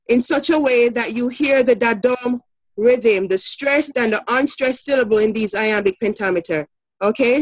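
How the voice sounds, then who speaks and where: A Jamaican woman teaching a class over a video call, encouraging and instructive, pausing on fillers. Her voice sits a little high, and the call audio is muffled. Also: fairly bright tone.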